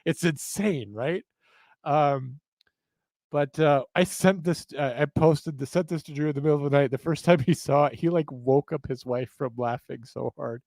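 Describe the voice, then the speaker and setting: A man's voice: on the high side, moderate pace, darkish tone, dry recording. A man hosting a live chat, rambling and self-mocking, laughing often. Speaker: show host.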